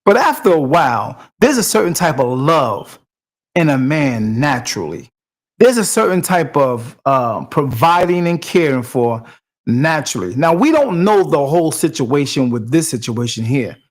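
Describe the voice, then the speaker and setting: A man's voice: fairly high pitch, sing-song, moderate pace. A male podcast host giving commentary on a video clip in a preachy, emphatic way, repeating his points.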